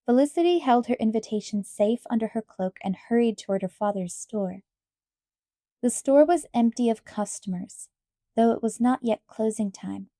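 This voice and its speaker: A woman reading an audiobook aloud, narrating a children's story in a calm, clear way. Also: fairly high pitch, moderate pace, no room sound, clean studio sound. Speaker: audiobook reader.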